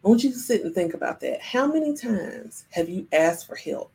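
A woman's voice: mid-range voice, sing-song, moderate pace, gravelly, a little mellow, rough recording. A woman hosting a live-streamed spiritual talk, speaking to her viewers in a playful way and acting out little voices. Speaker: spiritual livestream host.

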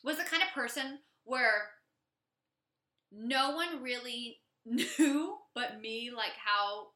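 A young woman co-hosts a casual podcast, telling stories in an animated way. Her voice is bright and sharp with a slightly higher pitch. The room around her is echoey. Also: slow pace. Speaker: podcast co-host.

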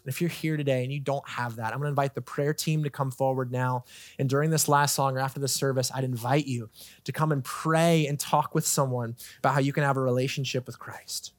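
A man's voice: mid-range voice, steady tone, fairly quick, no echo, studio quality. A man in his thirties preaching a sermon as a pastor, earnest and conversational, telling personal stories. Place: church stage.

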